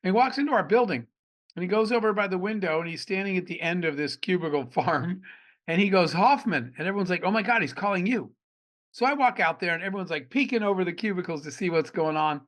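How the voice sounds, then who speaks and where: A middle-aged man from Arizona, an entrepreneur guest on a podcast, telling animated stories and acting out the dialogue. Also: sits high, quick pace. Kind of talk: storytelling in a podcast interview.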